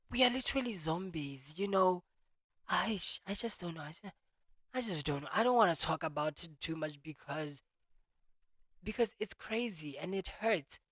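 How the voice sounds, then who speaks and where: A young man talking to camera in a casual monologue, animated, restarting and repeating himself often. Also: sits high, no room sound, studio quality. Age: young adult. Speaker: vlogger.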